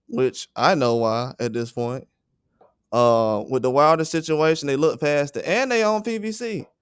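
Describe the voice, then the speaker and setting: Guy ranting on his stream, kinda high voice, smooth and crisp, cussing a lot. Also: no echo, clean studio sound. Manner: blunt, profane, indignant. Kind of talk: heated livestream rant.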